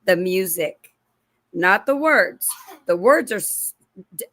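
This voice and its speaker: A middle-aged woman in mid pitch talks straight to her viewers in an unscripted, rambling way. She circles back with restarts and asides, then jumps into lively acted-out voices when she tells a story. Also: takes it slowly, dry recording. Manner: animated storyteller, acting out quoted voices. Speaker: channel host. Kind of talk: casual religious commentary to camera.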